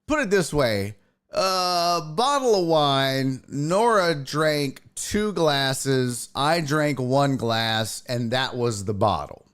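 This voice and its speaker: A man hosting a casual live stream, talking slowly and loosely with plenty of swearing. His pitch swings widely as he chats and calls out to viewers by name. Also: lively intonation, a bit bright, clear, resonant tone. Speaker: podcast host on a live stream. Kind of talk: casual chat, reading out live chat.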